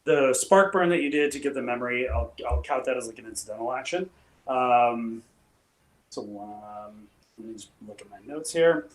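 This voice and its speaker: Echoey game master man, halting and relaxed. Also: mid-range voice. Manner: relaxed, halting, many fillers and restarts. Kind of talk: narrating a tabletop game.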